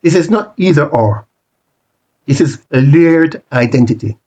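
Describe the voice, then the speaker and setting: A man presenting a reflective monologue, speaking in deliberate, repetitive rhetorical phrases with the odd restart. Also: a little high, animated, warm tone, poor audio. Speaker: channel presenter.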